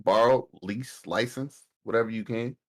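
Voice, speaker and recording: A man's voice: medium pitch, normal speed. A man co-hosting a casual gaming podcast, chatty and explaining game details. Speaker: podcast co-host.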